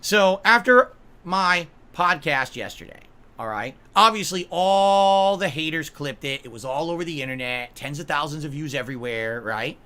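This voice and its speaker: A man's voice: a little high, lively intonation, moderate pace, pushed and bright, clear, resonant tone. A man on a livestream, ranting in an aggrieved, emphatic way, swearing and asking his viewers "right?" again and again. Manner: aggrieved, repeatedly asks "right?" and "okay?". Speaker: streamer.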